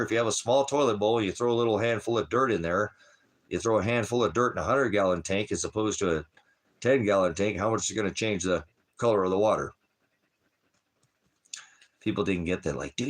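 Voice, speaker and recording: Deep-voiced man chatting on a livestream. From lived in Alaska. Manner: rambling, talks to his dog and viewers. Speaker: livestream host. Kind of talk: casual livestream chat.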